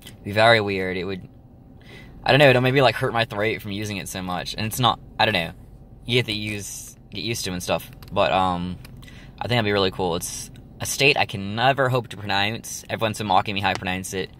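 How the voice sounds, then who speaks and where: Chatting to his viewers, a young man rambles on camera, his talk peppered with "um" and "like." His voice is fairly low and somewhat bright, with slight hiss or hum in the background.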